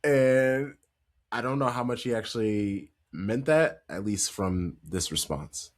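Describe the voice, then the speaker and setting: A low-voiced man hosts a football podcast in a relaxed, chatty style. He laughs easily and talks in loose, meandering sentences full of fillers. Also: slow pace. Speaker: podcast host. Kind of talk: casual football chat.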